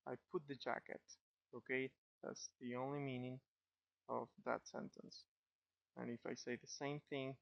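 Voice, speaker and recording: A man's voice: mid-range voice, no echo. A male language teacher explaining grammar patiently, often stopping to check with "okay?", in a slightly dull lo-fi recording. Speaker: Spanish teacher.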